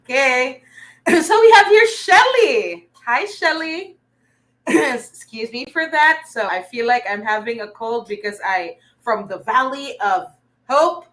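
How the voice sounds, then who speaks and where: A young woman leads a livestreamed reading lesson, cheering her viewers on and reading from their comments. Her voice is bright and animated, swooping up and down in pitch, and she takes her time over each phrase. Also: low-quality recording. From Philippines. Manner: upbeat, praising, talks to viewers' comments. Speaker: online reading teacher.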